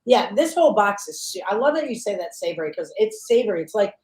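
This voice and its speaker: A talkative woman chef in casual podcast conversation, her voice sitting at an ordinary middle pitch. She is lively and loose, slipping into little acted quotes of her own thoughts. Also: a little fast. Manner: lively, chatty, acts out quotes of herself. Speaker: chef and guest cohost.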